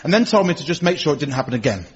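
An English man performing a scripted stand-up monologue with dry, deadpan storytelling on a radio comedy show. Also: fairly high pitch, rapid-fire, breathy edge. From England. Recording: dull lo-fi radio recording.

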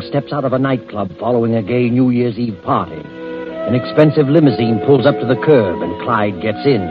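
Guy doing a spooky all-knowing night narrator, slow and brooding, old radio drama, muffled with loud music. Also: mid-range voice, natural voice. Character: mysterious all-knowing male narrator who walks by night. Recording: hissy dull old radio broadcast with music.

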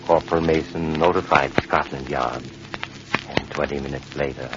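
Very deep eerie radio-play storyteller, measured; dull old radio with loud hiss. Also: male voice, steady tone. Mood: ominous. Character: eerie male storyteller Doctor Weird, very deep. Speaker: host narrator. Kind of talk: 1940s radio drama narration.

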